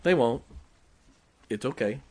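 A man's voice: mid-range voice, expressive, measured pace. A man preaching a sermon as pastor, emphatic, with rhetorical questions, joking asides and check-ins with the congregation.

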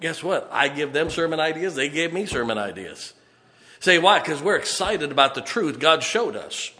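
A man preaching a fiery, folksy sermon, building emphatically to loud peaks. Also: fairly high pitch, big pitch swings, moderate pace. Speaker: pastor. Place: church sanctuary.

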